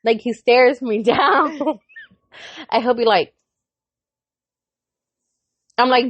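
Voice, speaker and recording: A woman co-hosting a podcast, chatting casually and bluntly, telling animated stories with voiced quotes and plenty of swearing. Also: a little high, drawn-out words, long pauses, husky, no echo. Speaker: podcast co-host. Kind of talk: casual chat.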